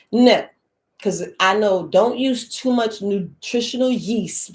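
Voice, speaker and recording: A woman life coach chatting casually to her listeners, lively and laughing, her voice jumping high for mock quotes. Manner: animated, jumps to high squeals for mock quotes, laughs often. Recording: roomy echo.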